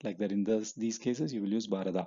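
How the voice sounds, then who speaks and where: A man's voice: fairly low pitch, steady tone, very fast, mellow, husky, dull audio. A man teaching a spoken language lesson, walking through examples step by step and repeating each one. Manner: explains step by step, switching between English and Kannada examples; many fillers and restarts, repeats each example.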